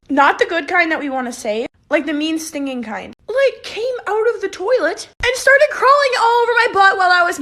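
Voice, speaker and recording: A woman's voice: very high-pitched, fairly bright tone. A woman telling a comic storytime, giggly, playful and exaggerated.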